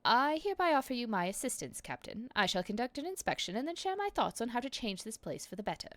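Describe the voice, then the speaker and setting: A woman's voice: on the high side, very animated, fast, dry recording. A woman voicing a haughty female starship captain who gives grand, proclamatory lines from a game. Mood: lofty.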